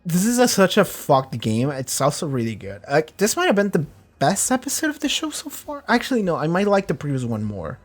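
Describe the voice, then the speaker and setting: A man hosting a casual reaction and review video, talking in a rambling, profane, excitable way. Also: a little high, fairly quick.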